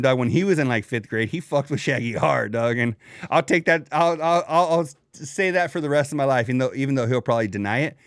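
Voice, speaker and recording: A man's voice: mid-range voice, no room sound, clean studio sound. A man co-hosting a podcast in casual, slangy chat, laid-back and laughing often. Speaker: podcast co-host.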